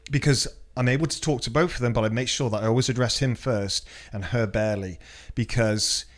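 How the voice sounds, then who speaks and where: A British man talking casually on a podcast in a voice of ordinary pitch. He tells personal stories bluntly and swears freely, with a quick, frank delivery.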